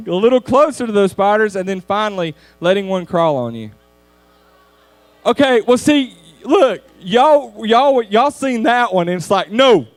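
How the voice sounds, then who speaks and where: High-voiced man preaching to youth. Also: smooth, dry recording. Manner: conversational, animated storytelling with laughs. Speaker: youth speaker. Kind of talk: youth sermon lesson.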